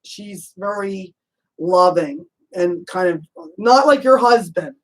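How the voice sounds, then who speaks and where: A woman's voice: medium pitch, animated, low-quality recording. A woman working as a psychic medium, giving a casual reading in a chatty way, laughing often and calling the listener honey. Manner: chatty, warm endearments, frequent "you know"; laughs easily, asks rapid probing questions.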